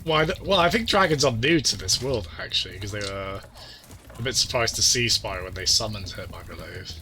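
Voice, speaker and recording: A man's voice: lowish voice, expressive, fairly quick, bright, forceful tone, a little hiss or hum. A man casually chatting as he streams a video game, rambling from thought to thought and restarting his sentences, with game music behind him. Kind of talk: casual let's-play chat.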